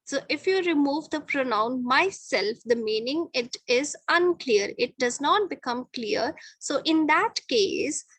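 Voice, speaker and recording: A woman's voice: high voice, lively intonation, unhurried, hardly any pauses, a bit bright, no echo, rough recording. A middle-aged woman teaching a grammar lesson to children, patiently repeating each point and checking with "okay".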